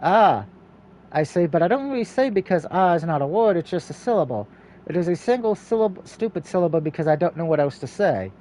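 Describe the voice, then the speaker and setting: A man reads the narration of a story game aloud, with a high voice and a dark, mellow tone. He stumbles over words and corrects himself as he goes. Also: animated, fast talker, slight background noise. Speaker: let's play reader.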